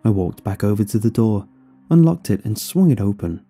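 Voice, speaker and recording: A man tells a horror tale in the first person, his voice dark and husky. His pitch moves in a lively way as he narrates, with faint music playing underneath. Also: moderate pace. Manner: expressive first-person storytelling. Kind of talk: scripted horror story narration.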